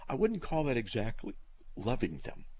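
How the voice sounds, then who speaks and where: A man's voice: medium pitch, huge pitch swings, moderate pace, dark tone. A middle-aged man hosting a live call-in radio show, answering listener questions in a blunt, plain-spoken way with dry, teasing humor.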